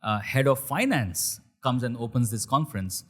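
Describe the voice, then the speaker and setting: A man's voice: mid-range voice, normal speed. A middle-aged man with an Indian accent, mixing Hindi and English as he tells a story in an interview. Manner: animated, mixes Hindi and English. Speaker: chef and restaurant founder. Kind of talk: conversational storytelling.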